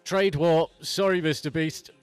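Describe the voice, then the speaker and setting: A man's voice: fairly high pitch, fairly even intonation, unhurried, clean tone, dry recording, soft background music. A man hosting a morning radio show, chatting casually into a studio microphone, rambling and laughing at himself. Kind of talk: casual on-air chat.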